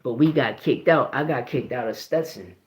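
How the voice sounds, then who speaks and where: A man's voice: medium pitch, moderate pace. Rambling Philly man in an echoey room. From Philadelphia, USA. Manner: profane, rambling, with many restarts and "you know what I mean". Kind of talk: casual storytelling.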